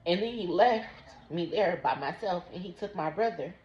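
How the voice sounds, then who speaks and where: A woman telling a personal story slowly and deliberately to her vlog audience. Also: lowish voice, lively intonation, darkish tone, a little hiss or hum. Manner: slow, deliberate recounting. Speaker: vlogger. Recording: roomy, dull lo-fi sound.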